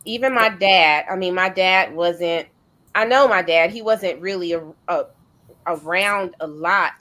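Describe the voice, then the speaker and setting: A middle-aged woman hosting a casual chat, telling family stories in a relaxed way with fillers and restarts. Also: on the low side, a little slow. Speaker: host.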